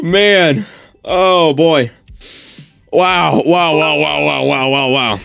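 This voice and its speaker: A young man streaming live, overjoyed and repeating the same excited exclamations again and again. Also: fairly high pitch, slow pace, creaky, faint music behind. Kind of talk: live gaming stream reaction.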